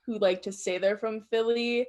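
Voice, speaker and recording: A woman's voice: a little high, fairly even intonation, normal speed, a little mellow. A young woman co-hosting a casual podcast, making dry joking asides. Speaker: podcast co-host. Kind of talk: casual chat.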